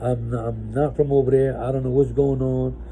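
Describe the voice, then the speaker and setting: A man's voice: mid-range voice, level tone, moderate pace, dark tone, a little hiss or hum, poor audio. A man from New Jersey telling his own story casually, rambling with lots of restarts. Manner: rambling, with many restarts and "right?".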